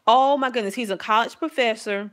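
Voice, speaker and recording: A middle-aged woman, a homeschooling mom, chatting casually and enthusiastically about her family's math books, rambling a little and laughing softly. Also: fairly high pitch, fairly quick. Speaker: homeschooling mom reviewing curriculum. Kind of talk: casual chat to camera.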